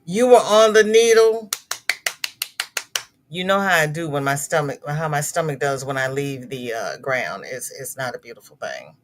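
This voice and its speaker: A woman's voice: deep voice, lively intonation, moderate pace, slight background noise. A middle-aged woman hosting a crochet livestream, chatting casually with viewers and reading their comments, sympathetic and prone to repeating words.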